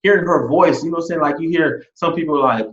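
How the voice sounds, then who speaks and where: Man in a casual interview, recounting his hiring with lively quoted dialogue, muffled lo-fi sound. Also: fairly high pitch, fast. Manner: animated, quotes others in lively re-enactments. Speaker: new teacher hire. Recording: dull lo-fi sound.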